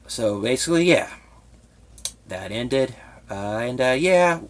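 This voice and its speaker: A man's voice: mid-range voice, lively intonation, takes it slowly. A young man telling a personal story in a confessional vlog, hesitant and emotionally raw, often restarting his sentences. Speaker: vlogger.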